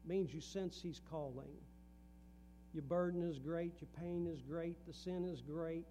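Earnest preaching man, warm voice. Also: on the high side, fairly even intonation, measured pace, slight background noise. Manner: earnest, rising and falling preaching cadence. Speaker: pastor. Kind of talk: sermon. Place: church sanctuary.

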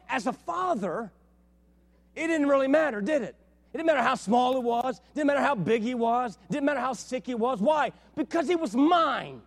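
A male pastor preaching with a high, lively voice, acting out stories with bursts of energy. He often drops to a quiet, intimate hush for the serious moments of his sermon. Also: normal speed, pauses often. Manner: storytelling, animated, drops to a hushed tone.

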